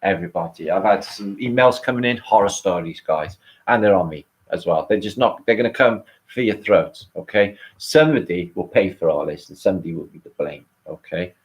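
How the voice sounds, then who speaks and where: A man's voice: sits low, expressive, a little fast. A man with a British accent hosts a livestream, rambling, joking and swearing as he reads out viewer comments. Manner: rambling, swears freely, jokey banter with viewers. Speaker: livestream host. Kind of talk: casual live chat reading viewer comments.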